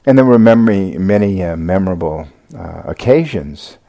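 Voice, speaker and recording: An older American man giving a reflective dharma talk, speaking haltingly with many fillers and restarts. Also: deep voice, animated, creaky, warm tone. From United States. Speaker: Buddhist teacher giving a talk.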